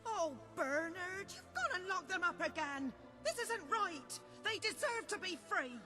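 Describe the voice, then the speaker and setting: An earnest chicken-freeing idealist. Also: female voice, very high voice, sing-song, measured pace, music in the background, full character voice. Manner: earnest, pleading.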